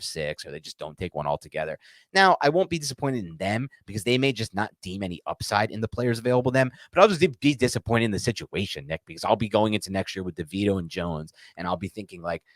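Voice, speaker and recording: A man's voice: fairly low pitch, dry recording. A man co-hosting a sports podcast, talking frankly and animatedly and acting out quotes. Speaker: podcast co-host. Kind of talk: casual sports chat.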